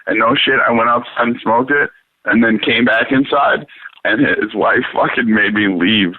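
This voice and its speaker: A man hosting a talk show in loose, profane casual chat, rambling and animated. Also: mid-range voice, normal speed, no echo. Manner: rambling, swears a lot, animated. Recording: dry, phone-like radio sound.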